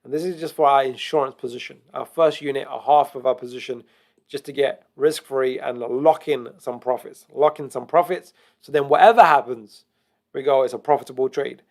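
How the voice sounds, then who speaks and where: A man teaching trading chart analysis, explaining slowly and methodically to viewers. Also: mid-range voice, fairly even intonation, vocal fry, darkish tone. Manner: deliberately slow, methodical explaining. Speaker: trading educator. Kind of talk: screen-share chart analysis.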